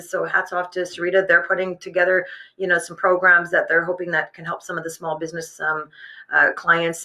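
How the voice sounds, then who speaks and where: A woman hosts a live business webcast from her home workspace. Her voice is very bright and sharp, and her talk is chatty and rambling, full of fillers and restarts. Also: fairly low pitch, rough recording. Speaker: host.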